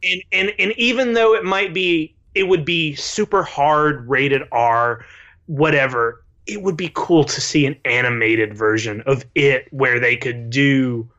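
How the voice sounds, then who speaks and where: A man co-hosting a podcast, rambling excitedly in casual chat and swearing now and then. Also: mid-range voice, unhurried, lo-fi sound. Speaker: podcast co-host.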